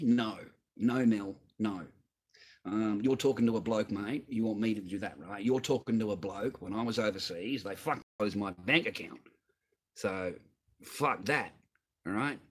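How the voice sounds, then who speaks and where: A man's voice: on the low side, husky. An Australian man on a livestream, ranting heatedly and swearing constantly, repeating himself as he answers a viewer. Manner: profane, heated, repetitive. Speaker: livestream host.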